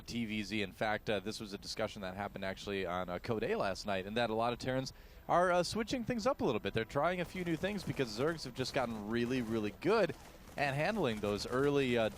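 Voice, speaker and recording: A man's voice: medium pitch, lively intonation, a little fast, a little hiss or hum. A man giving analytical color commentary on a strategy game match, chatty and wry. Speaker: esports co-caster.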